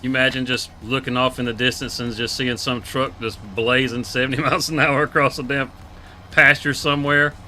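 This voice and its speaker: A man's voice: medium pitch, level tone, brisk, pushed and bright, slight background noise. Laid-back laughing man. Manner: laid-back, laughing, drawling country talk. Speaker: streamer. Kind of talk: casual live gameplay chat.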